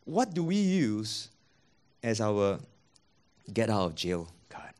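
A man's voice: fairly low pitch, very animated, takes it slowly, darkish tone. A man preaching a sermon as a pastor, acting out both sides of the dialogues he retells.

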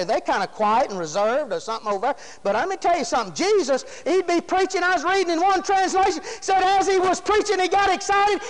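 Casting: high-voiced male preacher, shouting revival style, long reverberant hall. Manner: shouting, Southern preacher cadence. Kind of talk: fiery revival sermon.

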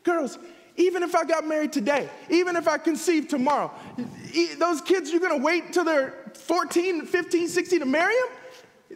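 A preacher acting out a weary, grieving old widow, pleading with halting repeats. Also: male voice, extremely high pitch, fairly bright tone, long reverb tail, exaggerated voice.

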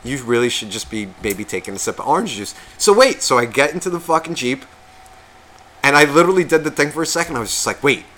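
A man's voice: mid-range voice, lively intonation, quick pace, bright, forceful tone. A man who is sick, telling a long profane, self-mocking story on a podcast and acting out what people said. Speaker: podcast co-host. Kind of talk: casual storytelling chat.

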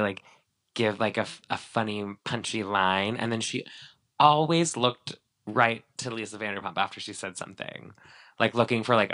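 A man co-hosting a casual podcast chat about reality TV, talking in a loose, animated way with lots of fillers and acted-out quotes. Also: on the low side. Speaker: podcast co-host.

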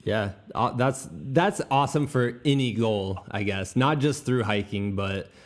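A man's voice: mid-range voice, measured pace. A man hosting a podcast, chatting casually, rambling and stumbling over his words and laughing easily. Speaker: podcast host.

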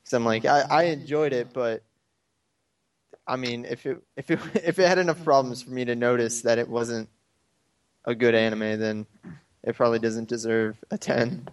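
A man's voice: medium pitch, fairly even intonation, moderate pace, clean tone, recorded from a distance. Young man, casual group chat, rambling and hesitant, fillers, set back from the mic. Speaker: anime podcast co-host.

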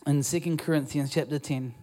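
A pastor with a New Zealand accent delivers a sermon into a stage microphone in a church. His voice sits somewhat high for a man, and he talks in a loose, conversational way, often restarting his sentences and poking fun at himself. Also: fairly even intonation, fairly quick, mellow. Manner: conversational, self-deprecating preaching with restarts. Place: church auditorium.

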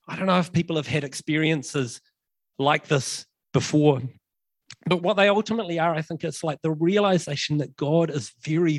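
A man's voice: a little high, moderate pace, no echo. A man preaching a sermon in a conversational way, with lots of ums and emphatic repetitions.

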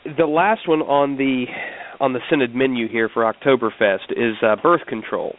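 A man's voice: mid-range voice, normal speed, a little hiss or hum. A man hosting a talk show, reading excerpts aloud and adding wry remarks. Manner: wry, laughs easily. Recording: phone-like narrow band.

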